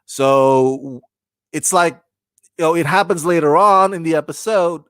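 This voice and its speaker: A male reviewer talks through an episode in a loose, animated ramble. His voice sits a little high. The sound is dry, with no room echo. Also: a little slow, smooth. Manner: rambling and animated, with many restarts and bursts of laughter. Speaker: TV reviewer, channel host. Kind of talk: casual spoken episode review.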